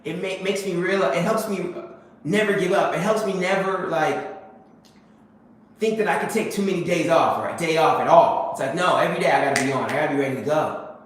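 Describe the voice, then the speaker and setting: A man's voice: on the high side, fairly quick. A man giving a casual motivational monologue, full of fillers and repeated phrases. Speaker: host. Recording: very echoey room with faint noise.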